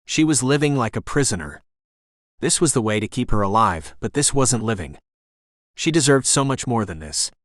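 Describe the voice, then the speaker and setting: Man, audiobook narrator, first-person reading, measured and earnest, low voice, dry sound. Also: dry recording.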